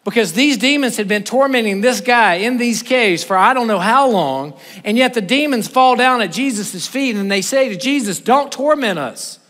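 Male preacher with a high voice, lively sermon storytelling that swings from loud to hushed, in a reverberant hall. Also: normal speed. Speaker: pastor.

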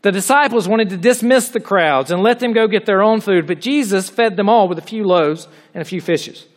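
High-voiced preacher in a reverberant hall. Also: male voice, moderate pace. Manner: earnest, emphatic repetition. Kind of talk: sermon.

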